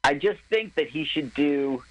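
Animated man chatting about movies. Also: on the high side, unhurried, lo-fi sound. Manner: animated, rambling, laughs often. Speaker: co-host. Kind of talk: casual chat about movies. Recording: internet radio talk show.

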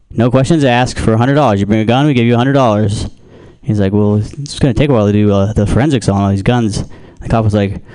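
A man doing a stand-up comedy set with dark deadpan humor and lots of swearing, acting out the people in his stories. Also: lowish voice. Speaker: stand-up comic. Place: comedy club or open mic room.

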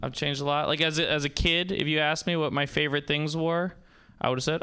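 A man doing a stand-up set, telling stories in a deadpan way. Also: on the high side, fairly quick, smooth. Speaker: stand-up comedian.

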